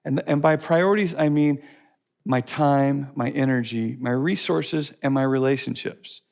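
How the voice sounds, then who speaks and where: A man's voice: mid-range voice, a little slow, creaky, a little mellow. A man teaching a course session, speaking emphatically with repetition and stories. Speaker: teacher of a life-skills course. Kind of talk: teaching talk to a class.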